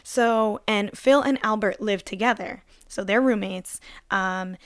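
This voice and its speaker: A woman's voice: medium pitch, a little slow, dry recording. Chatty young woman telling a story, dry sound. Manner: animated, lots of "like" fillers, acts out voices in the story. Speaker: podcast co-host. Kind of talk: casual storytelling chat.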